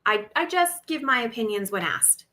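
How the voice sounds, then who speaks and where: A woman's voice: on the high side, animated, moderate pace, pushed and bright. A woman in her forties co-hosting a live craft stream on a video call, chatty and giggly, often trailing off mid-sentence. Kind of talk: casual chat.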